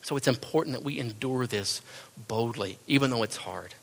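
A male pastor preaching a sermon, firing rhetorical questions and then dropping to hushed tones. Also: mid-range voice, normal speed, vocal fry.

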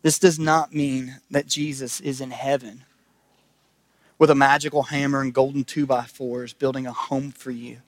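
A man pastor giving a sermon, talking in a conversational way that rises to emphatic calls and drops to hushed asides. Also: mid-range voice, dry recording.

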